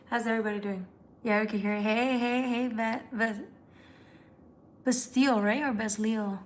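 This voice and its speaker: Hosting a casual live stream, a tarot reader from the United States swears freely, chats loosely with viewers, and reads out their comments. She has a fairly high, steady voice at a moderate pace, with slight background noise.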